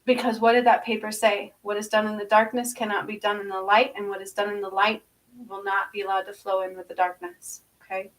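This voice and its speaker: A woman's voice: medium pitch, level tone, brisk, a bit bright. Intense woman channeling, distant from mic. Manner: intense, repetitive, chants glossolalia-like syllables; speaks with eyes closed, asks listeners if they understand. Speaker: spiritual channeler. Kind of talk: live spiritual channeling monologue.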